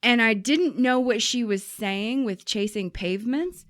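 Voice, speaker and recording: A woman's voice: a little high, a little slow, no echo, studio quality. A woman co-hosting a casual podcast, reading out listener stories and laughing often. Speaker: podcast co-host.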